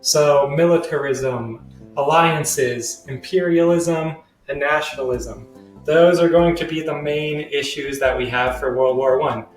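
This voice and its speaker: A man's voice: fairly high pitch, unhurried, distant mic, soft background music. A young man teaching a history lesson in a casual, slangy, chatty way. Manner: laid-back, slangy, chatty. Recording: roomy sound from away from the mic.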